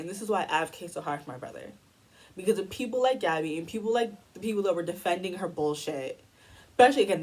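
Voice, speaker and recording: A young woman delivers a heated, profanity-laced commentary rant. Her voice is slightly husky and sits at a middle pitch. She sounds exasperated and blunt throughout. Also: low-quality recording. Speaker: commentary YouTuber. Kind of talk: ranting commentary.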